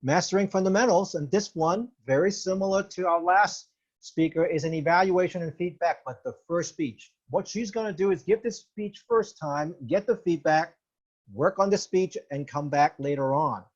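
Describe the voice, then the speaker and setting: Man, meeting host, friendly measured introductions, fairly high voice, muffled call audio. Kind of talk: meeting hosting. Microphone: video call.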